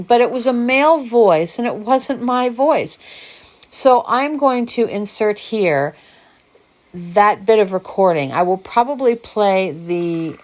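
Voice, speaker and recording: A woman hosting her own video diary podcast, musing aloud in a meandering, reflective way. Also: mid-range voice. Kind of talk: personal diary monologue.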